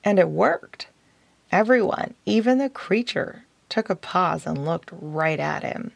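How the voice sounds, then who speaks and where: A woman with a lowish, gravelly voice narrates a children's fantasy adventure. She tells it slowly and playfully, with music running underneath. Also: lively intonation, no echo. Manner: playful, unhurried storytelling. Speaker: storyteller.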